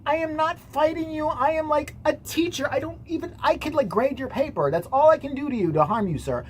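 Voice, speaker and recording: A woman's voice: high-pitched, lively intonation, brisk, slight background noise, pitched above the performer's own voice. Woman doing an exasperated tiny teacher. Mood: pleading. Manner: indignant, pleading.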